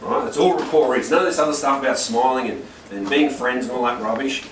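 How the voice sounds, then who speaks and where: A man's voice: medium pitch, fast talker. A man, a corporate trainer telling stories to a workshop audience and often checking for agreement. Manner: energetic storytelling, asks the room for agreement. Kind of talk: workshop talk to a live audience. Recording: roomy and distant, with noise.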